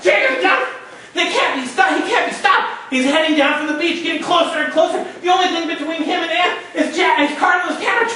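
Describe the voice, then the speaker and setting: A male storyteller performing a tale dramatically, with shouted sound effects. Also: very high-pitched, a little fast, a little hiss or hum. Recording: echoey room, mic far off.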